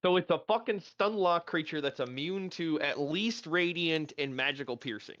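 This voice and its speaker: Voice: mid-range voice, animated, moderate pace, fairly bright tone, dry recording, highs cut off. A player in a live tabletop game who swears freely and laughs often. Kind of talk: casual tabletop play over voice chat.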